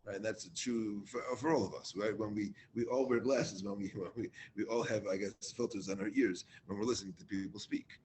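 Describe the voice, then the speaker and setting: A man's voice: on the low side, fairly even intonation, a little fast, hardly any pauses, a little mellow, slight background noise. A man leading a Torah class, reading Hebrew lines and explaining them in casual English with restarts.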